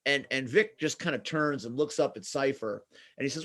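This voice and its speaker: Man, podcast host, casual interview chat, rambling and animated, mid-pitched voice. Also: a little fast.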